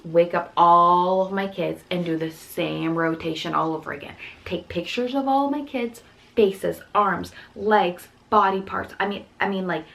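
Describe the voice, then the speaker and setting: A woman's voice: on the low side, creaky, a bit bright, low-quality recording. Rambling, upset young mother telling a story. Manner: rapid, rambling, full of restarts and quoted dialogue. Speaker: vlogger, mother of four. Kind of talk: emotional storytelling to camera.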